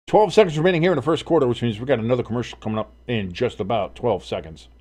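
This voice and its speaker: A man's voice: mid-range voice, racing, a little mellow. A man hosting a casual live sports stream, calling plays and reacting in a blunt, profane, rambling way.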